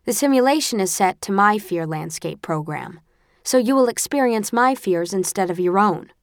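A woman's voice: medium pitch, animated, moderate pace, no echo, clean studio sound, lightly acted. A woman voicing a stern adult female combat instructor who speaks bluntly and matter-of-factly in an audiobook.

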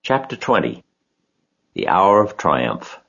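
A man narrating a storybook audiobook in a steady, expressive reading. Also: low-pitched, slow pace, creaky, muffled recording.

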